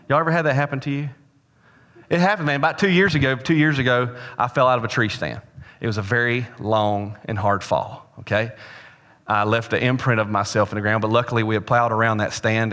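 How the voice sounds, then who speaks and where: A male pastor delivers a sermon in a church sanctuary, telling stories with a joking touch. His voice swings from loud, lifted stretches to hushed, quiet lines. The long reverb of the hall trails after his words. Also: mid-range voice. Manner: storytelling with humor, swings between loud and hushed.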